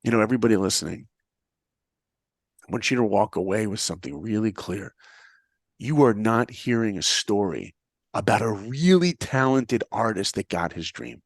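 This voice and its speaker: A man's voice: on the low side, normal speed, no room sound. A middle-aged man from New York, telling his own story in a motivational style and acting out the dialogue he recounts. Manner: animated, acts out the dialogue he recounts.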